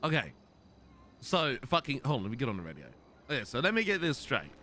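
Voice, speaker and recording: A man's voice: medium pitch, huge pitch swings, quick pace, pushed and bright, slight background noise. A man speaking in character in a gang roleplay, exasperated and defensive, swearing and stammering when worked up.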